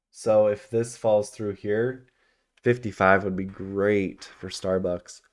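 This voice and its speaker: Slow-talking man charting stocks aloud. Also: fairly low pitch, little pitch movement, clear, resonant tone. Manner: thinks aloud, chatty, frequent ums and exclamations. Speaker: stock market vlogger. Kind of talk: casual screen-share commentary.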